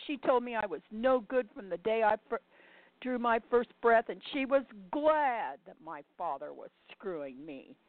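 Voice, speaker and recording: A woman's voice: medium pitch, no room sound, lightly acted. A woman voicing a bitter, furious older woman from Brooklyn, who speaks bluntly and profanely. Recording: dry, tinny phone-like sound.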